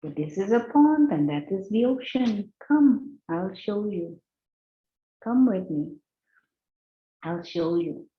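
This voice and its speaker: A woman's voice: fairly low pitch, animated, a little slow. A woman putting on an eager ocean frog. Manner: eager, coaxing. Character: friendly inviting male ocean frog. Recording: roomy, slightly dull recording.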